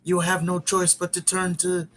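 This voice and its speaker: A man's voice: high voice, monotone, normal speed, a bit bright, soft background music, pitched above the performer's own voice. A man voicing a smug, showy male European wrestler in an exaggerated foreign accent. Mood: gloating.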